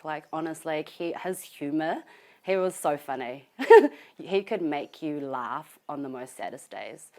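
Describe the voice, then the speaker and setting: A grieving young woman with a low-pitched voice. She speaks softly and haltingly, with frequent pauses and fillers, in an interview at home. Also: expressive. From New Zealand. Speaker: grieving family member being interviewed. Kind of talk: emotional interview testimony. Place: family home, indoors.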